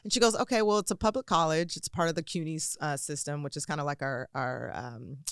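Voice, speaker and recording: A woman from Las Vegas, a film and TV producer, telling stories as an interview guest and acting out past dialogue in lively voices. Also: low-pitched, fairly quick, smooth, no room sound, studio quality. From Las Vegas, United States. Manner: animated, acts out past dialogue. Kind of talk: conversational interview storytelling.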